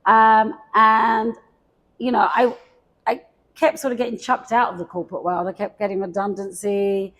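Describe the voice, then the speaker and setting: A woman's voice: mid-range voice, level tone, moderate pace, a bit bright. A middle-aged woman, a guest coach, telling her story in casual, candid chat, self-mocking and lightly swearing.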